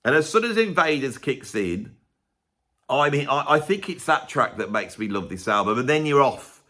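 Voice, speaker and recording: A man in a casual vlog, opinionated and sarcastic. His pitch sits in a middle range, and he jumps between loud bursts and muttered asides. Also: sing-song, moderate pace. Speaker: music vlogger. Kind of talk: casual opinionated rant to camera.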